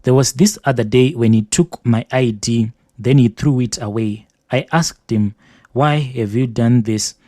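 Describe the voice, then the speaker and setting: Man reading a confession, mellow voice. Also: medium pitch, measured pace, no room sound, studio quality. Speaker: host reading listener confessions. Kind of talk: reading a letter aloud.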